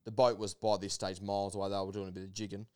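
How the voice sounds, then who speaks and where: A man telling a long story in casual chat, animated, laughing often and full of fillers. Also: on the low side, rapid-fire, clean tone. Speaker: podcast guest.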